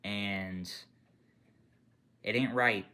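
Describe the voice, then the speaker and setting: A man angrily ranting to camera with lots of swearing, rambling and restarting, swinging from low mutters to loud outbursts. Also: steady tone, drawn-out words. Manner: angry, profane, rambling with restarts. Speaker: gaming channel creator. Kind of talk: unscripted political rant to camera.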